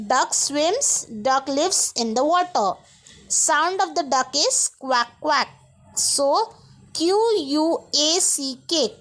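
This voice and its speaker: A woman teaches small children in a bright, high voice. She talks very slowly, spelling every word letter by letter before saying it again. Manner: slow, spells words letter by letter and repeats them. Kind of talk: online school lesson for young pupils.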